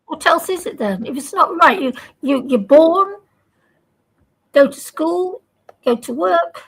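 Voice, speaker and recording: High, gravelly woman, blunt. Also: expressive, slow. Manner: blunt, insistent. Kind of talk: casual chat.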